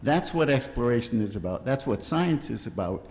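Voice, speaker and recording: A man's voice: medium pitch, lively intonation, normal speed, a little mellow. Emphatic, opinionated male panelist. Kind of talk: panel discussion argument. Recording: reverberant hall.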